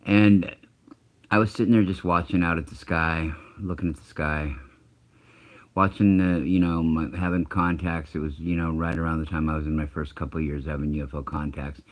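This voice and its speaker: A middle-aged man with an extremely low, rumbling voice tells a long personal story in a loose, conversational way. He swears freely, doubles back on himself and restarts his sentences as he goes. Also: steady tone, moderate pace. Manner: rambling, profane, self-interrupting. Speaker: channel host. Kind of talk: casual storytelling.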